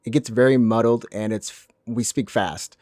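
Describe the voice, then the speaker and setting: A man's voice: medium pitch, fairly even intonation, normal speed, darkish tone, dry recording. Chatty man, dry close sound. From Alabama, US South. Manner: chatty, rambling with many restarts and fillers. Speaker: podcast co-host. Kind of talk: casual chat.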